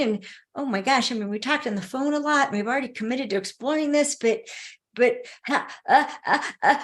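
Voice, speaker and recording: A woman teaching a class, telling personal stories in an expressive way, often laughing and restarting sentences. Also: fairly high pitch. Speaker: relationship teacher. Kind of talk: storytelling talk to a class.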